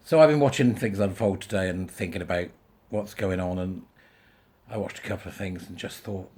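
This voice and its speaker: A man's voice: low-pitched, fairly quick, a little mellow, slightly rough. A man ranting bluntly in a casual vlog monologue, exasperated and emphatic. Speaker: vlogger.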